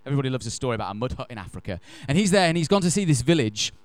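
A male preacher delivers his sermon as an animated, emphatic story, slowing right down to stress the phrases he wants to land. His voice sits at an ordinary middle pitch. The sound is dry and close, with no room echo. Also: smooth. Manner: animated, emphatic storyteller who acts out quotes; slows down to stress key phrases.

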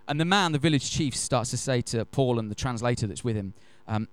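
A male preacher delivers his sermon as an animated, emphatic story, slowing right down to stress the phrases he wants to land. His voice sits at an ordinary middle pitch. The sound is dry and close, with no room echo. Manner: animated, emphatic storyteller who acts out quotes; slows down to stress key phrases.

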